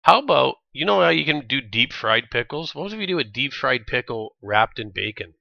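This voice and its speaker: A man with a Canadian accent streaming a video game, chatting in a rambling, jokey way and quick to laugh. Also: medium pitch, very animated, gravelly, pushed and bright, no echo, dull audio. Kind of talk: casual gameplay chat.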